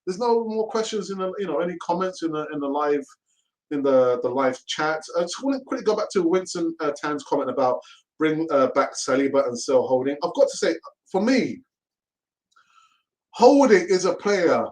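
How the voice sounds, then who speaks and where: A man's voice: on the high side, expressive, normal speed, darkish tone, rough recording. A middle-aged man, hosting a casual football fan live stream, chatty and repeating himself as he laughs along with the chat.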